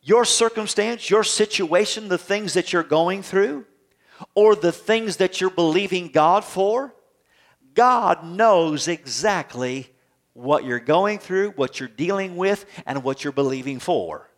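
A man's voice: sits high, takes it slowly. Conversational male preacher, tenor-ish. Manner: lively, conversational preaching with frequent rhetorical questions. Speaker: pastor. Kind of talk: sermon. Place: church service with congregation.

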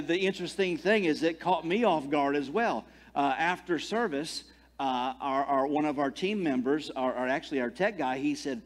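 A middle-aged man preaching a conversational sermon, telling stories with animated energy and frequent restarts. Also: fairly high pitch. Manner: animated storytelling, repeats words, many restarts. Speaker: pastor.

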